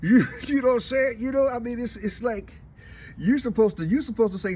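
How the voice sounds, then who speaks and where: A man's voice: very high-pitched, fairly quick, darkish tone, slight background noise. A middle-aged man in a rambling, emotional monologue, profane and repetitive, turning tearful as he talks. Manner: rambling, repetitive, profane, full of "you see". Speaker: vlogger.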